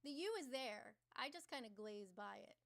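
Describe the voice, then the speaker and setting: A woman hosting a casual livestream with a voice pitched a bit high. She talks straight to her viewers, teasing them, answering the chat aloud and swearing without a second thought. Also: animated, normal speed, vocal fry, fairly bright tone. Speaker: livestream host.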